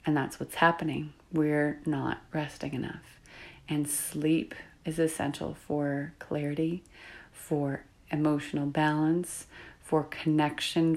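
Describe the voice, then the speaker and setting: A woman coach talking alone in a reflective, confiding way, sometimes dropping to a whisper. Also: deep voice. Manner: soft-spoken, confiding, drifts into whispers. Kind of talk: reflective solo podcast monologue.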